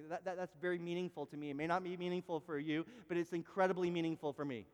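A man's voice: a little high, steady tone, fast, darkish tone, long reverb tail. A pastor preaching a sermon, emphatic, often repeating words and restarting his phrases. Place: church sanctuary.

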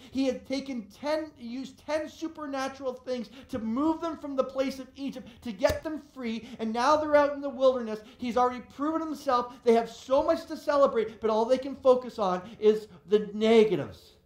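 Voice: high voice, moderate pace, few pauses. Earnest pastor preaching in an echoey hall. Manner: earnest, repeats and restarts phrases for emphasis. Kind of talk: sermon. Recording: roomy echo of a hall.

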